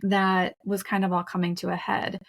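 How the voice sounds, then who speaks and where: A woman's voice: medium pitch, completely flat delivery, moderate pace, gravelly. A woman co-hosting a podcast, telling her own story in a frank, emphatic, casual way, swearing now and then. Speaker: podcast co-host. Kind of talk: candid conversational storytelling.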